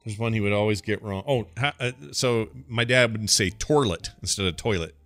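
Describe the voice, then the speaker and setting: A man co-hosting a casual podcast, telling rambling stories in a lively, animated way. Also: on the low side, fairly quick, no room sound, soft background music. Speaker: podcast co-host. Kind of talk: casual chat.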